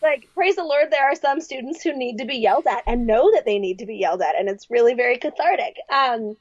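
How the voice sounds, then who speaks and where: A young adult woman speaking as a podcast guest in casual, reflective talk, animated and acting out quoted voices. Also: a little high, fast talker, no room sound. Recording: dry, slightly dull sound.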